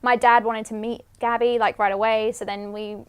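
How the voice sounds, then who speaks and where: A woman's voice: on the high side, little pitch movement, normal speed, smooth. A young woman from England sharing a personal story in a documentary interview, chatty and upbeat. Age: young adult. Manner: chatty, lightly laughing storyteller.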